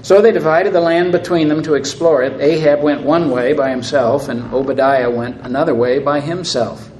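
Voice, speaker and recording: A man's voice: fairly high pitch, steady tone, normal speed, darkish tone, a little hiss or hum. A man preaching a sermon in a conversational way, with wry asides as he works through a Bible passage. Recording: echoey room with faint ambience.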